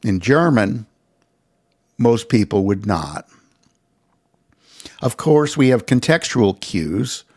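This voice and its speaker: A man, an author, explaining his book in a scripted philosophical talk with dry, measured delivery and wry asides. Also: mid-range voice, expressive, darkish tone, slightly rough.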